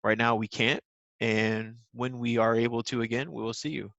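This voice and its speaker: A man's voice: mid-range voice, steady tone, moderate pace, creaky, a bit bright, no echo, dull audio. A man teaching a recorded lesson to young children, patient and simple in his wording, with many ums.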